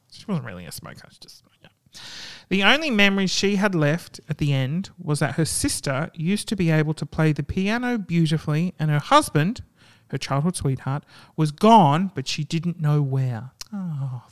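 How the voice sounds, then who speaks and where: A man reading stories aloud and breaking off into hushed, emotional asides. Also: a little high, clear, resonant tone. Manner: reactive, drops to hushed asides between readings.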